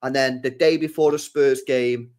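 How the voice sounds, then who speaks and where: Here a man talks to his live-stream chat at medium pitch and a moderate pace. He's casual and excitable, cursing frequently and often shifting from loud to quiet.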